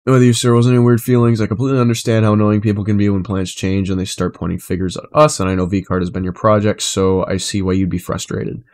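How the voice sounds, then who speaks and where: A man's voice: lowish voice, fast, hardly any pauses. Rambling, profane young male streamer. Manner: rambling and profane, shifting between flat and animated delivery. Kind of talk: casual live-stream chat.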